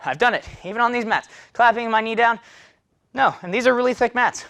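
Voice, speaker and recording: A man's voice: extremely high pitch, a little fast, pushed and bright. A man teaching a follow-along taekwondo class, counting kicks aloud and coaching between sets in a chatty, self-deprecating way while breathing hard from the workout. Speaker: taekwondo instructor.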